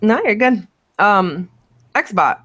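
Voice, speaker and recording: Woman, podcast host, bright clear voice, casual gaming chat, upbeat questions. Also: medium pitch, animated, very slow. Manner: upbeat, quizzing guests.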